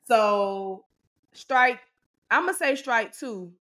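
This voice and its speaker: A woman co-hosting a podcast, telling an animated, exasperated story and acting out what others said. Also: medium pitch, normal speed. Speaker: podcast co-host. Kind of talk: casual storytelling to a co-host.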